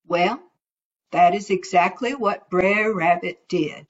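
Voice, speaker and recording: A woman telling a folktale in a slow folksy drawl, on a dull lo-fi recording. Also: lowish voice. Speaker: storyteller. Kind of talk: folktale storytelling.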